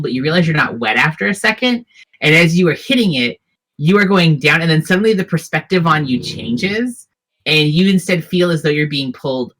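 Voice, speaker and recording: This is a game master narrating a tabletop adventure. The voice sits at a middle pitch, describing each scene in detail with frequent ums, uhs and restarts. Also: a bit bright. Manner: descriptive, hesitant with fillers.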